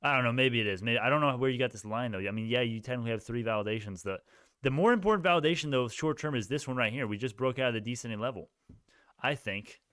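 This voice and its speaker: A man's voice: medium pitch, quick pace, fairly bright tone, no echo, clean studio sound. A man hosting a stock market live stream, answering viewer questions in a rambling, casual way while thinking aloud. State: sleepy, yawning. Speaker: stock livestream host.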